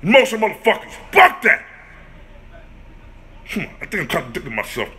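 A man's voice: high-pitched, sing-song, very fast, a bit bright, slightly rough. A man hosting his own comedic vlog, ranting in a brash, profane, boastful way. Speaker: host.

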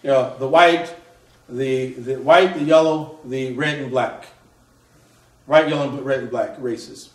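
A man's voice: medium pitch, steady tone, unhurried. A man, an author and scholar, lecturing in an explanatory way. He often checks in with a rhetorical "right?" and restarts his phrases. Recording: echoey room, mic at a distance.

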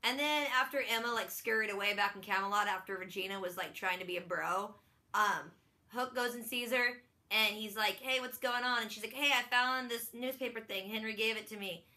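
Young woman, bright forceful tone, fairly high pitch, chatty recap, playful impressions. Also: steady tone, a little fast. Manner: chatty, playful, mimics characters in silly voices. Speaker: vlogger. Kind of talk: casual TV recap chat.

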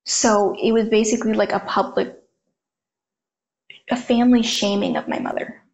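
An eighteen-year-old woman speaks as an interview guest, her mid-height voice carrying a steady vocal fry. She tells her own story in an open, conversational way, with frequent "like" fillers. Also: mid-range voice, moderate pace. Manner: frank, conversational, heavy use of "like". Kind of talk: candid personal storytelling.

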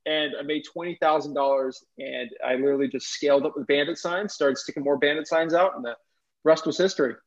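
A young man telling a lively story as an interview guest, with lots of "like" fillers and restarts. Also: on the high side, a little fast. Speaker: guest real estate wholesaler. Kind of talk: casual storytelling. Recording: dull lo-fi audio.

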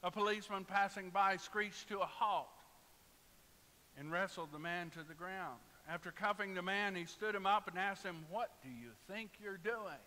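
A pastor with a high voice and fairly even intonation speaks at a moderate pace, bright and forceful. His sermon mixes humorous storytelling with jokes and asides to the congregation, recorded in a reverberant church sanctuary with faint hiss.

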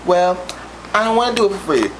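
A man putting on a prim young woman's voice in a high prissy falsetto, over a noisy amateur recording. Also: big pitch swings, brisk.

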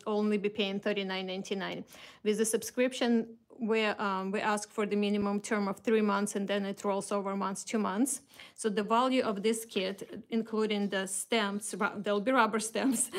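A woman with a Russian accent, hosting a casual craft product showcase and chatting with many fillers and restarts. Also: medium pitch. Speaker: craft company host.

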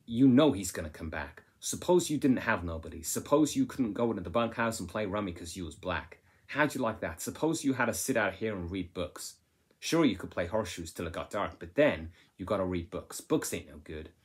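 A man's voice: low voice, expressive, fairly quick, husky. A man voicing a lonely, bitter middle-aged stable hand, reading his pleading lines aloud from a novel. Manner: pleading, plain read-aloud delivery.

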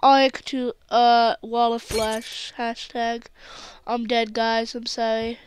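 A woman's voice: a little high, flat delivery, slow pace, few pauses, smooth, no echo. A woman doing jokey gameplay commentary, often bursting into screams and exclamations. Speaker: gaming channel host.

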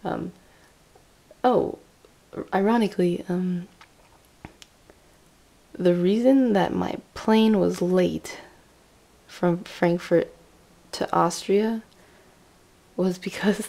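A young woman vlogging, telling a rambling travel story in a chatty way, laughing often and filling pauses with "like" and "um". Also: lowish voice, mellow. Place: indoors in Austria.

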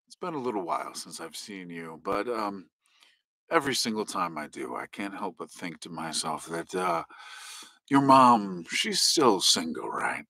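A man voicing a sleazy immortal male witch doctor in a low, smarmy drawl. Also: sing-song, measured pace, vocal fry, bright, forceful tone, no echo, heavily acted.

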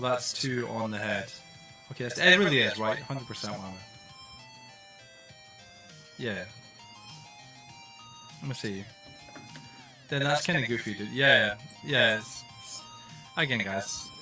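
A young man from Scotland with a softened Scottish accent, chatting casually and rambling with lots of fillers while streaming a game. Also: lowish voice, lively intonation, unhurried, long pauses, faint music behind. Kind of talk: casual livestream chat while playing.

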